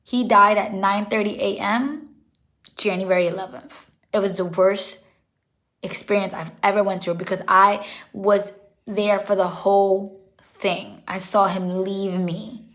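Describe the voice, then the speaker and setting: A woman's voice: mid-range voice, steady tone, measured pace, fairly bright tone. A young woman talking casually in a vlog, earnest and rambling, correcting herself as she goes, emotional and holding back tears. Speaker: pet vlogger.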